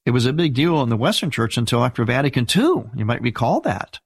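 An older man, a priest, giving an informal church history lecture with a husky voice and a conversational, explanatory manner, turning now and then to speak to his listeners. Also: medium pitch, very animated, fast, no room sound. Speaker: Byzantine Catholic priest teaching church history.

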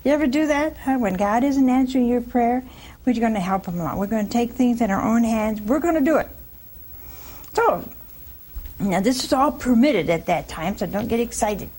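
Husky-voiced woman preaching a folksy sermon. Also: on the high side, normal speed. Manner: folksy, animated storytelling with rhetorical questions to the congregation.

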